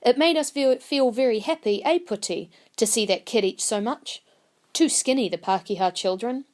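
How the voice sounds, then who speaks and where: A woman voicing an older Māori woman, earnest and indignant, speaking higher and pleading. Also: moderate pace, a little mellow, lightly acted. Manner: pleading, rising and emphatic.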